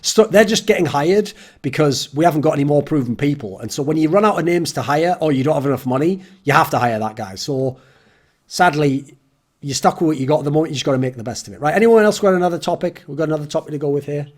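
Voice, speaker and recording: A man's voice: on the high side, animated, fast. A man with an English accent hosting a casual round-table chat, ranting and swearing, with mocking put-on voices. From England. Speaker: host.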